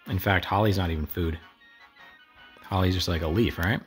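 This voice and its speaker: A low-pitched man gives casual, rambling let's play commentary while playing a video game, tossing wry asides to his viewers. He talks at a moderate pace, with faint music in the background.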